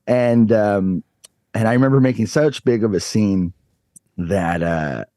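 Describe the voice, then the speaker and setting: A man in his thirties telling a story on a podcast, animated and swearing freely. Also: on the low side, measured pace, dry recording. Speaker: podcast guest. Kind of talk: casual storytelling.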